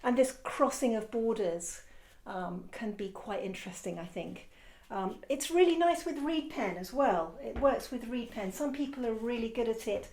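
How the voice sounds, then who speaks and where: A woman's voice: on the high side, moderate pace, few pauses, darkish tone. Chatty encouraging woman art teacher. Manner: rambling, encouraging, self-correcting. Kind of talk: casual demonstration lesson.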